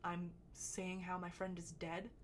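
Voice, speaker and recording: A woman telling a personal story to camera in a chatty, animated way, with sudden loud bursts and some swearing. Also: on the low side, unhurried, a little hiss or hum. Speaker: storytelling vlogger. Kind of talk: casual storytime.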